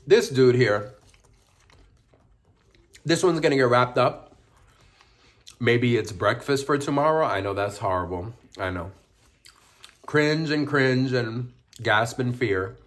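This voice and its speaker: A man vlogging casually while eating a sandwich, chewing as he talks and mixing Spanish phrases into his English. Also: mid-range voice. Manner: eats and chews while talking. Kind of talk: casual mukbang vlog.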